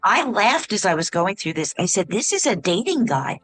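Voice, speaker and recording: A woman's voice: mid-range voice, very animated, normal speed, a bit bright, slightly rough, no echo, soft background music. A middle-aged woman hosting a podcast, talking with a guest in an enthusiastic, chatty way. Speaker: podcast host. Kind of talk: conversational podcast interview.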